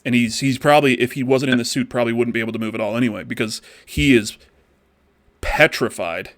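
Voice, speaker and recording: Male podcast host, middle-pitched, loose and chatty, swears a lot and restarts sentences often. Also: fast talker, fairly bright tone. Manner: swears casually, trails off and restarts. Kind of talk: casual chat.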